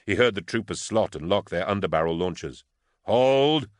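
A man narrating an audiobook in a steady, even storytelling manner, on a close studio mic. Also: sits low, brisk, no echo.

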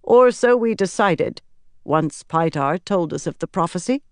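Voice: medium pitch, lively intonation, a little slow, no room sound, clean studio sound, voice pushed up. A narrator voicing a proud queen who speaks in a clipped, disdainful way. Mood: haughty. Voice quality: haughty and clipped. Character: proud, sharp-tongued queen.

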